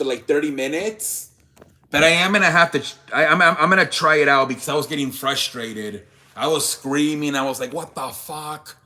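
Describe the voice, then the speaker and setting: Bright-voiced young sports streamer. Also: male voice, fairly high pitch. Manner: rambling, restarts often, swears when worked up. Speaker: live sports show host. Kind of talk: casual live-stream chat.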